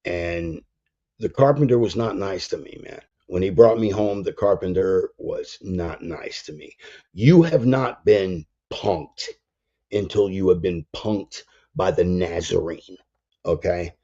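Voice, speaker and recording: Slangy preacher guy, low voice, kinda muffled lo-fi sound. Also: dark tone. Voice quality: gruff, blunt and slangy. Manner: emphatic, drawls some phrases. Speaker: preacher and show host. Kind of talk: casual spoken sermon. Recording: dull lo-fi sound.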